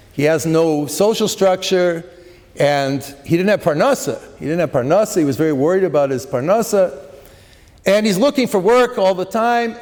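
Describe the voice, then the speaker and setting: A middle-aged man, a rabbi, telling stories in an animated way during a seminar talk, sprinkled with Hebrew and Yiddish terms. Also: high-pitched. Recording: long hall reverb.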